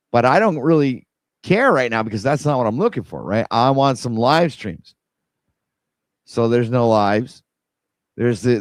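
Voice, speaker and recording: A man's voice: fairly low pitch, dry recording. A man hosting a casual livestream, rambling in an exasperated way and talking to his viewers while he scrolls. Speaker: livestream host.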